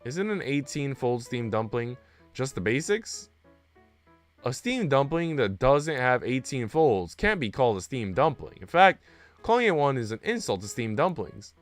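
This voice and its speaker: A man's voice: medium pitch, very animated, moderate pace, faint music behind, natural voice. A man reading a fussy, perfectionist young woman who runs a dumpling shop, in a strict, lecturing manner. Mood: indignant.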